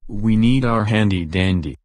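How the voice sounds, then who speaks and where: A man's voice: on the low side, normal speed, very noisy. A man hosting a children's show, explaining things step by step to young viewers in an upbeat way.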